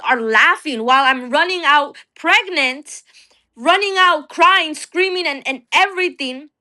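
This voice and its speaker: A woman's voice: high voice, bright, forceful tone. A young woman from New Jersey, an interview guest telling an emotional personal story, restarting and repeating words as she talks.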